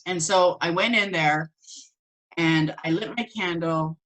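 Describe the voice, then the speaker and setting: A woman with a somewhat low-pitched voice tells a story from her own life to her students. She is animated and conversational, and she acts out the voices of the people in the story. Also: measured pace, low-quality recording. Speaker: spiritual teacher. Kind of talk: personal storytelling in a course.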